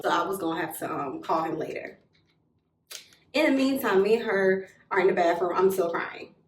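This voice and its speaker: A young woman telling a personal story in a casual, animated way, blunt and swearing freely. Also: medium pitch, far from the mic, slight background noise. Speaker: storytime vlogger. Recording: roomy echo, a little off mic.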